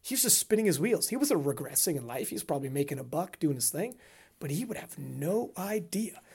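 A man co-hosting a casual podcast, talking in a rambling, animated way and laughing often. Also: a little high, a little fast, vocal fry, slightly rough. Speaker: podcast co-host.

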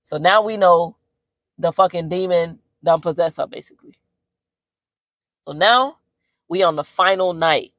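A woman's voice: on the low side, a little slow, pauses often, no echo. Slangy woman recapping a movie. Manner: slangy, profane, animated storyteller. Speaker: podcast host.

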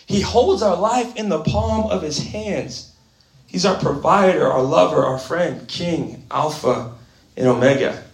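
Young male preacher, casual slang, high voice, echoey room. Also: moderate pace. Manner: animated, swings between quiet asides and shouting; casual slang, calls listeners bro and man. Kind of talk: energetic sermon. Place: church gathering hall.

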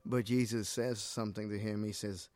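A man's voice: fairly low pitch, fairly even intonation, normal speed, a little mellow, no room sound. A middle-aged man from Nicaragua, a missionary guest, talking earnestly about his faith and retelling scripture stories with animation. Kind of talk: casual faith conversation.

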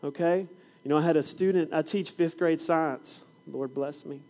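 A man's voice: on the high side, moderate pace. A middle-aged man who is a preacher and fifth grade science teacher, telling classroom stories in a sermon and acting out the scenes. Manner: animated storyteller, acts out scenes. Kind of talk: sermon with storytelling.

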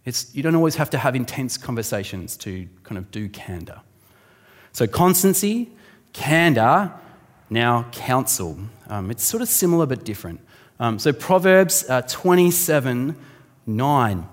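A man delivers a sermon in a relaxed, conversational way. He is animated and slips into little voices for the people he quotes. His voice rings with the long reverb of a large hall. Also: medium pitch, measured pace. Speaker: preacher.

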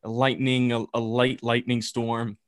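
A man's voice: medium pitch, slow pace, no room sound. Casual storytelling man, dry close mic. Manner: animated, swearing, builds suspense.

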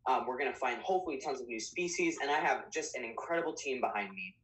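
A man's voice: mid-range voice, lively intonation, fast talker, a bit bright, natural voice. A man playing an eager young cat-folk pilot. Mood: excited. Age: 20s. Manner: eager, chatty, full of fillers. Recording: distant video-call audio.

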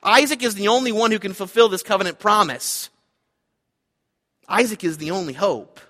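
High, bright-voiced male preacher. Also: normal speed, in a large hall. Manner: earnest, emphatic preaching with repeated points. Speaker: pastor. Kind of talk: sermon.

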